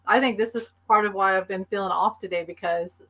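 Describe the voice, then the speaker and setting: A woman's voice: medium pitch, fairly even intonation, fairly quick, fairly bright tone, low-quality recording. A middle-aged woman hosting a casual live video-call chat, talking eagerly and chattily. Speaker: host.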